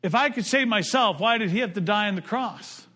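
A middle-aged man preaching a sermon as pastor, rising to loud lines and dropping to quiet ones. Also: sits high, expressive, fairly quick.

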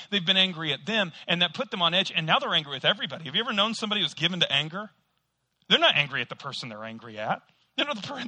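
A male pastor delivering a sermon in a high, very bright voice. He is emphatic and leans on rhetorical questions. The sound is close and dry. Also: no echo.

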